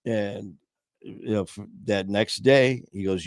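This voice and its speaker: Low-voiced man in his sixties, telling stories. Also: unhurried, creaky, no echo, clean studio sound. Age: 60s. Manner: loose, profane storytelling peppered with "man" and "you know". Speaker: podcast host. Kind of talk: casual storytelling interview. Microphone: streaming podcast mic.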